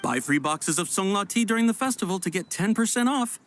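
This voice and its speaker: An actor voicing an overly polite tea shop vendor in a video game, with a smooth sales pitch that stammers when things go wrong. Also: animated, fairly quick, natural voice. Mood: salesy. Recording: game audio with faint music.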